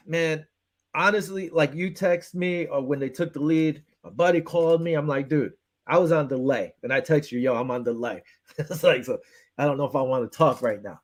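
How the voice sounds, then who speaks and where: A man's voice: fairly high pitch, moderate pace. A man hosting a casual sports talk show, fired up and frustrated, acting out his own phone calls as he breaks down a game. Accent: Western New York. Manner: animated, retells with quoted back-and-forth, frustrated ranting.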